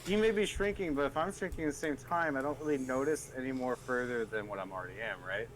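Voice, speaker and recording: A man playing in a tabletop game, joking and thinking out loud. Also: mid-range voice, fast, a little hiss or hum, poor audio. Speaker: player. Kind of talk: casual tabletop game banter.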